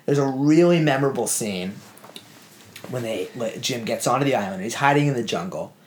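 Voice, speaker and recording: A man's voice: mid-range voice, animated, a little mellow, a little hiss or hum. Casual man talking through a classic novel. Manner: conversational, with filler words and quick asides. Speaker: podcast co-host discussing a novel. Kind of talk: casual book discussion, reading passages aloud.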